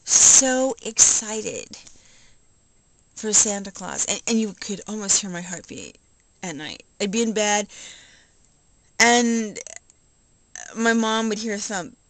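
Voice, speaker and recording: Slow-talking woman reminiscing. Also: mid-range voice, rough recording. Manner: rambling, nostalgic, with soft laughs. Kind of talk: casual home video vlog.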